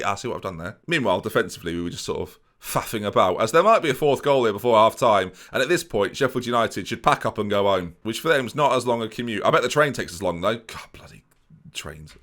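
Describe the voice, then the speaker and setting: A man's voice: on the low side, fairly bright tone. A young man giving playful, jokey let's play commentary, constantly talking to his viewers as a gaming YouTuber.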